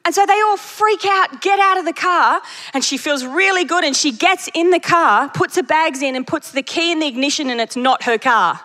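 A woman preacher delivering a sermon, telling stories with lively energy and laughing at her own jokes. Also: high voice, normal speed. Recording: long reverb of a large hall.

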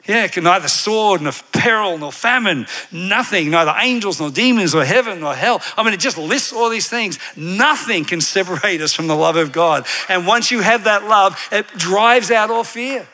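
A man's voice: high voice, moderate pace, hardly any pauses. A man preaching a sermon with energy, getting the congregation to repeat lines back and drifting into side stories. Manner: energetic, leads congregation call-and-response; animated, digressive storytelling.

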